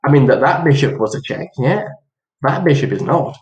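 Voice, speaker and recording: Fairly quick and animated, this man speaks at medium pitch with a darkish tone while teaching chess casually, staging mock-dramatic reactions for each side of the board. His room adds a noticeable echo.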